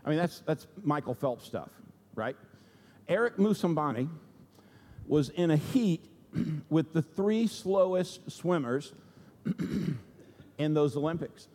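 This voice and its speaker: A male pastor with a notably high voice tells a sermon story in a chatty, conversational manner, often checking in with his listeners. His voice rings out with a long reverb, as if it were recorded in a large church sanctuary. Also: expressive, takes it slowly, long pauses, dark tone. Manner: conversational, asks the audience "okay?" and "right?".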